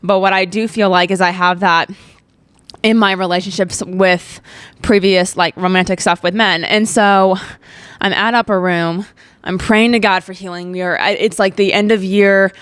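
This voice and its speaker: A woman's voice: mid-range voice, fairly even intonation, moderate pace, smooth, no echo. Candid young woman podcaster, dry sound. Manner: candid, emotional, heavy use of "like" fillers. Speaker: podcast host. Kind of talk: personal faith testimony, casual chat.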